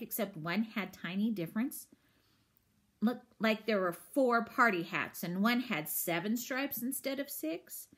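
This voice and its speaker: A woman reading aloud voices an earnest, gentle boy who talks plainly and patiently. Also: a little high.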